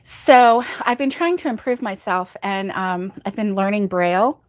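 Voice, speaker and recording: Giggly female crochet streamer, slow easy delivery, dry close sound, reads chat comments aloud. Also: medium pitch, no echo. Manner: giggly, laughs at her own puns. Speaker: crochet livestream host. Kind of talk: casual livestream chat telling corny jokes.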